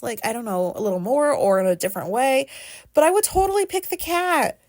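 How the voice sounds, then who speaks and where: A woman's voice: high-pitched, very animated, moderate pace, darkish tone. A woman hosts her own podcast and talks through her grief, sounding sad and teary. Her speech is loose and rambling, full of fillers and false starts, with casual swearing mixed in. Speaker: podcast host. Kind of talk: casual personal monologue.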